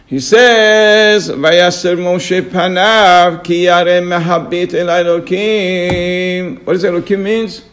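A man's voice: high-pitched, fairly even intonation, slow, a bit bright. A man teaching a Torah lesson on the radio, emphatic, acting out people's complaining questions.

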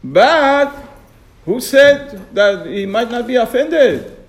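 High-voiced man giving a Torah class. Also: lively intonation, slow pace. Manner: chuckling, asks rhetorical questions, acts out quoted excuses. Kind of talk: informal Torah lesson on radio.

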